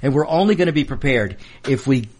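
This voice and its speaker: A man's voice: mid-range voice, animated, a little fast, a little mellow. A man hosting a political commentary show, talking fervently and repetitively while addressing his audience directly.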